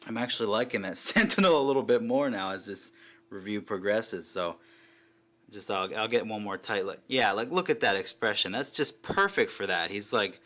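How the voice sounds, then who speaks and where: A man chatting casually and excitedly while reviewing a collectible figure, swearing now and then. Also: fairly low pitch, normal speed.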